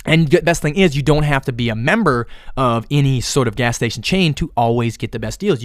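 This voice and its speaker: A man hosting his own podcast alone, talking casually and cursing freely. He swings between low, mumbled asides and loud, pushy hype. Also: animated, a little fast, no echo, clean studio sound. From Minnesota. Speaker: podcast host. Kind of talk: casual solo podcast monologue.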